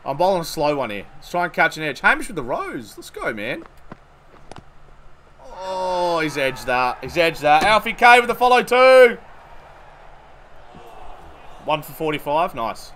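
A young man streaming a cricket video game live, commentating excitedly, swearing and thanking followers. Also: a little high, unhurried, long pauses, slight background noise.

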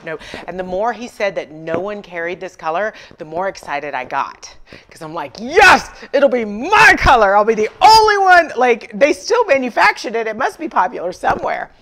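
A woman's voice: on the low side, fairly bright tone. A woman hosting a furniture painting livestream, chatting with viewers and telling stories with acted-out dialogue and self-deprecating humor. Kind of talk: casual livestream chat.

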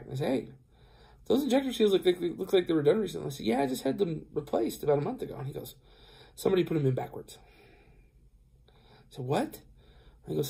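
A tired truck driver talks straight to his camera in a casual, rambling way. His voice is gravelly and dark, and it sits a little high for a man. He keeps acting out the back-and-forth of a conversation. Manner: rambling, retells dialogue, many fillers. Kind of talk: casual storytelling vlog.

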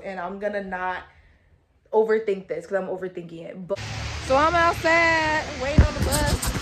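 A woman's voice: fairly high pitch, a bit bright. Chatty 19-year-old woman vlogging on the go. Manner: chatty, profane, playful, talks straight to viewers. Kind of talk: casual vlog chat. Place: outdoors, at a bus stop, on a bus and walking. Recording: street and vehicle noise behind.

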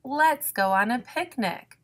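A woman's voice: mid-range voice, expressive, slow pace, a bit bright. A woman voicing a nervous raccoon in a picture-book reading, hesitant and prone to dramatic worries. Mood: fretful. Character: nervous worrying raccoon, full of what-ifs.

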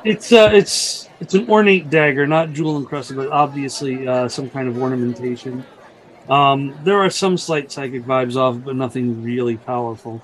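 A man narrating a tabletop game as game master, describing scenes and calling for rolls with frequent pauses. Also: medium pitch, slight background noise, poor audio. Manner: descriptive, halting with fillers.

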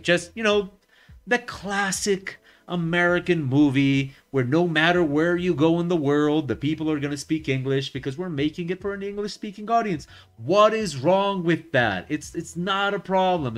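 Chatty man rambling on a live stream. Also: on the high side. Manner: rambling, chatty, many fillers and restarts; wry, lively storytelling. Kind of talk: casual chat while drawing on stream.

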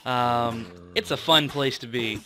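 A young man hosts a casual let's-play gaming video, rambling and chatty as he plays and pokes fun at himself. His voice is mid-range and he takes things slowly. The background is noisy.

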